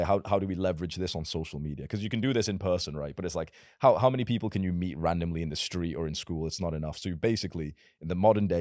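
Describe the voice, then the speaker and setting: Young male creator, low voice, rapid, blunt and provocative, dry close sound. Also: darkish tone, dry recording. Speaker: self-improvement content creator. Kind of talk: casual podcast conversation.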